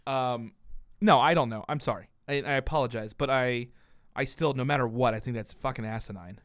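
A man's voice: medium pitch, a little fast, fairly bright tone, no room sound, clean studio sound. A young man co-hosting a podcast, ranting with heavy profanity and indignation. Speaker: podcast co-host. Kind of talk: casual podcast banter.

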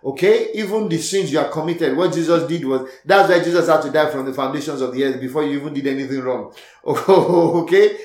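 Pastor, male, slightly high voice, preaching to his congregation, lots of repetition, reverberant room. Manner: repeats key lines, calls out to the congregation. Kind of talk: sermon.

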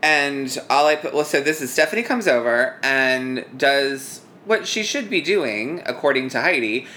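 A man co-hosting a podcast, recapping a TV episode in an animated, rambling way full of "like". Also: mid-range voice, measured pace, a little hiss or hum. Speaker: podcast co-host. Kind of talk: casual TV recap chat.

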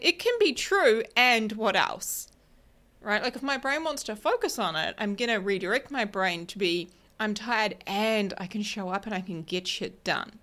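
A woman's voice: medium pitch, sharp tone. A woman life coach hosting her own podcast, talking casually and often checking in with "right?" and a small laugh at herself. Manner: chatty, keeps asking "right?", laughs at herself. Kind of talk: casual solo podcast talk.

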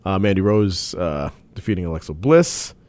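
Male co-host, low voice, dry close mic, casual and quick to laugh. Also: dry recording. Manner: animated, laughs often, restarts sentences. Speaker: podcast co-host. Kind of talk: casual chat.

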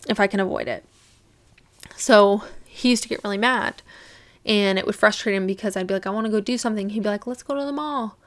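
A woman's voice: medium pitch, no echo. A young woman hosting a podcast, telling a personal story in a candid, rambling way. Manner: candid, rambling, uses "like" a lot. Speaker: podcast host.

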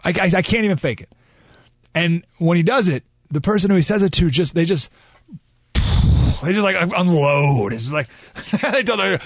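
A male talk radio host in a dry studio. His voice sits a bit high and swings widely in pitch as he rants, breaking off and restarting his thoughts. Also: a little fast, no room sound. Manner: animated, ranting, self-interrupting. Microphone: studio mic.

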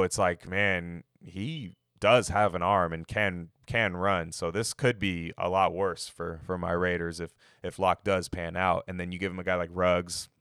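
A man's voice: lowish voice, fairly bright tone, clear, resonant tone, no room sound, studio quality. A man giving loose, profane, opinionated football draft takes in a casual podcast ramble. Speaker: NFL mock draft podcaster. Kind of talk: casual sports talk.

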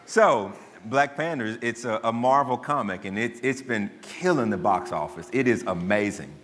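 A man's voice: medium pitch, expressive, normal speed, a bit bright. A man preaching a sermon, telling stories in a loose, conversational way with frequent restarts. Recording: long hall reverb.

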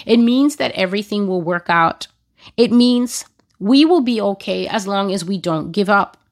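A woman blogger recounting prophetic visions in an earnest, deliberate way, now and then stumbling and restarting a phrase. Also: medium pitch, animated. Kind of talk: spoken prophetic testimony.

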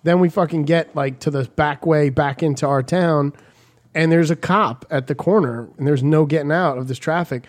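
A young man from New Jersey with a fairly high voice tells stories in a casual podcast chat. He swears constantly and tells it with lots of animation. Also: moderate pace. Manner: profane, animated storyteller.

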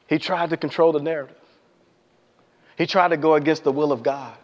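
Preacher man in a reverberant hall. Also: a little high. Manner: animated storytelling, acting out voices and asking the congregation questions. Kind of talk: sermon. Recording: dull lo-fi sound with long hall reverb.

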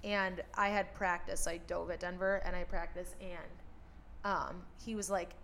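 A woman's voice: on the low side, level tone, unhurried, a bit bright, a little hiss or hum. A young woman in her twenties chatting candidly on a podcast, swearing freely and restarting her sentences. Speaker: podcast host. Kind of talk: casual podcast chat.

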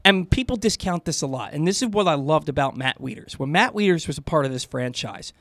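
A man co-hosting a sports radio show, talking in an animated, excitable way and often stumbling over and repeating his words. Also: on the high side, fairly quick, no echo, clean studio sound. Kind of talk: casual sports talk.

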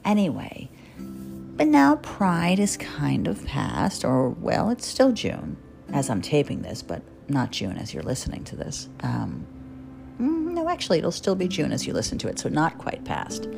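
Gravelly low-voiced woman podcast host. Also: huge pitch swings, unhurried. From New Jersey. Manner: candid, chatty, self-deprecating. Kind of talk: personal monologue. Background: guitar music.

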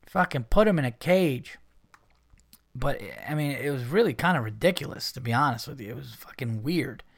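A man's voice: mid-range voice, expressive, normal speed, no room sound, clean studio sound. A man hosting a podcast, rambling casually with lots of swearing, fillers and restarts. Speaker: podcast host.

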